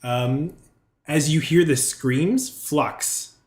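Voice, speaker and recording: A man narrating as game master, pausing often with ums while he describes the scene. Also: fairly high pitch, darkish tone, roomy sound. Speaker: dungeon master.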